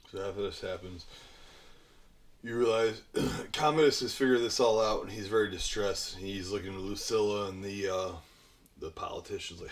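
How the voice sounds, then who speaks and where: Guy with a lowish voice cussing his way through a movie recap, rambly, faint room noise. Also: moderate pace. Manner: rambling, profane, acts out lines in shouty bursts. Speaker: podcast guest retelling a film. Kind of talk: profane comedic movie recap.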